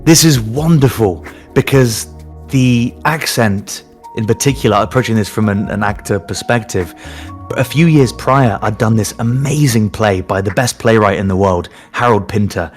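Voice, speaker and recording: A man, a voice actor, chatting in an interview, animated and self-mocking, laughing often as he tells stories. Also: fairly low pitch, moderate pace, soft background music. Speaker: voice actor guest. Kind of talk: casual interview chat.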